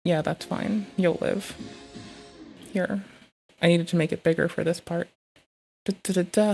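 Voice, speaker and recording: A woman streaming live, chatting casually and swearing while she fiddles with her software and reads messages aloud. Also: fairly low pitch, fairly even intonation, a little slow, gravelly, pauses often.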